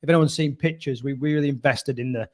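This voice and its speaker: A man's voice: medium pitch, fairly quick. A man co-hosting a rugby podcast, talking casually, rambling and swearing with frequent laughs. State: hoarse. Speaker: podcast co-host. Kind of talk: casual chat.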